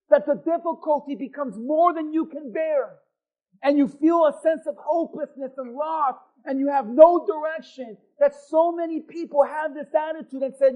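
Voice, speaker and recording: A man preaching a sermon as pastor, swinging from loud, emphatic lines to hushed ones. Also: very high voice. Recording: thin phone-like sound.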